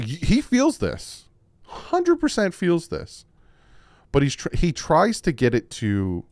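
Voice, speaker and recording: A man hosting a casual football film breakdown at a desk microphone, emphatic and repetitive, his voice jumping up when he gets excited. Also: medium pitch, no room sound, studio quality. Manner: emphatic, repeats points, voice jumps when excited. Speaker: football film-study host.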